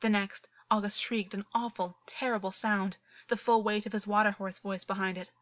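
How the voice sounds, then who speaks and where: A woman narrating a story in a steady, earnest reading voice, on a dull, lo-fi recording. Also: mid-range voice, normal speed, no echo. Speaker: audiobook narrator.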